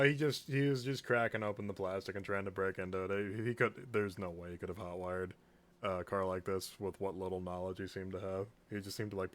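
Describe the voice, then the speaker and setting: A man's voice: sits low, a bit bright. A man running a tabletop game as game master, narrating in a loose, casual way.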